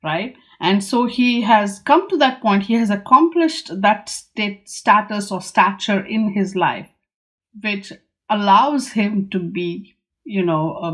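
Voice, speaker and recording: A woman's voice: medium pitch, fairly bright tone. A woman hosting a tarot channel, talking casually and musingly as she goes through the cards, now and then acting out the figures on them. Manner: musing, chatty, acts out the figures on the cards in quick asides. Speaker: tarot teacher and channel host.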